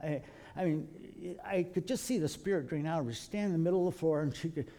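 A middle-aged man from Kentucky, telling animated stories to a live audience in a folksy preaching style, calling the listeners folks. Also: on the high side, quick pace. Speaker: creationist speaker.

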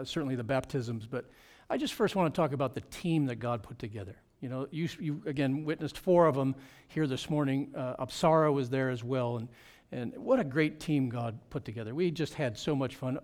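A middle-aged man, a pastor, giving a lively report on a mission trip to his church. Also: mid-range voice. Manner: animated storytelling with frequent laughs.

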